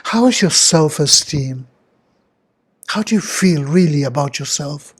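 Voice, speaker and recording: Older man, husky voice, fairly high pitch, earnest guided affirmations. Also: animated. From Argentina. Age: 60s. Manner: slow, repetitive, earnest questioning. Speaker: self-help speaker.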